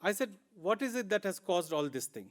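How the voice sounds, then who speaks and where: A man's voice: sits high, sing-song, fairly quick. A man with an Indian English accent giving a plenary conference talk, earnest and emphatic, repeating words for stress. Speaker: conference speaker.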